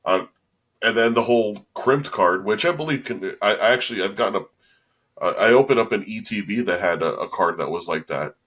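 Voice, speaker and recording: A man co-hosting a casual podcast who talks in a measured, deliberate way, giving advice. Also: on the low side, fairly bright tone. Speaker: podcast co-host. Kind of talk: casual chat.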